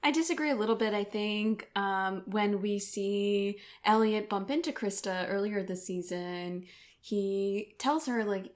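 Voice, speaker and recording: A woman's voice: medium pitch, unhurried. A woman with a mid-range voice talks through a theory about a TV series. She reasons it out aloud, with small restarts and corrections as she goes. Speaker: podcast co-host. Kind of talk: casual TV discussion.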